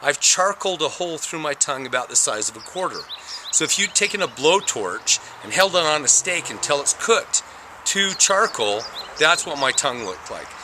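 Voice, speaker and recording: A man giving a personal testimony about a near-death experience, telling it in an animated way and acting out the moments. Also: fairly high pitch, moderate pace, background noise.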